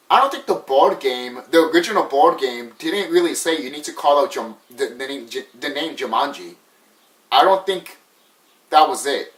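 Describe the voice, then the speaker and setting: A man's voice: a little high, fairly bright tone, roomy sound, far from the mic, rough recording. A young man giving a casual, rambling movie review, swearing freely and restarting his sentences. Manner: rambling, profane, full of fillers and restarts.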